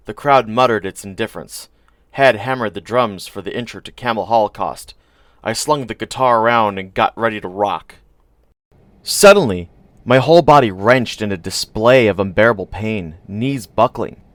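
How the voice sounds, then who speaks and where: A man's voice: fairly low pitch, normal speed, no echo. A man narrating a first-person audiobook in a dry, wry storytelling manner.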